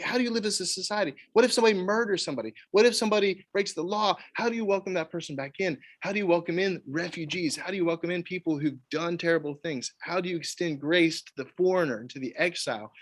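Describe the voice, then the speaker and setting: A man teaches a church Bible study. He is animated, with a voice a bit higher than most men's, and often acts out quoted voices. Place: church meeting room.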